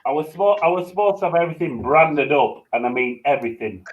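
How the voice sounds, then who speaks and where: High-voiced man, muffled lo-fi mic. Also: lively intonation, fast. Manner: taunting and playful. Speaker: stream co-host. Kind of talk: casual banter.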